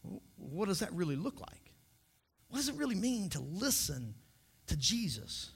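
High-voiced joking pastor. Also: male voice, sing-song, moderate pace, gravelly, husky. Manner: joking, repeats words when starting sentences. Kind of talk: humorous sermon.

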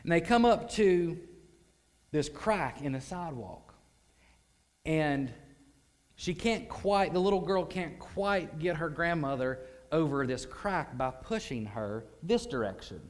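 Male preacher with a drawl, a touch high-pitched, animated storyteller, hushed to loud. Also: slow. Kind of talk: sermon storytelling.

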